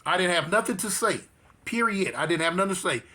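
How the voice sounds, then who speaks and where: A man's voice: high voice, animated, quick pace, bright, forceful tone. A man casually telling a story, with streetwise slang, emphatic repeats and frequent restarts. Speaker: interview guest.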